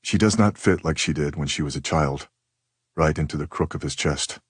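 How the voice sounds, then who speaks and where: A man narrating an audiobook in a measured, steady reading style. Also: extremely low pitch, husky, no room sound. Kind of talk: scripted narration.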